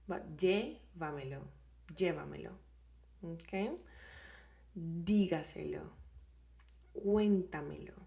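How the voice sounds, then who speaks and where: A woman with a Colombian accent teaching a Spanish lesson, explaining patiently and repeating words slowly. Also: lowish voice.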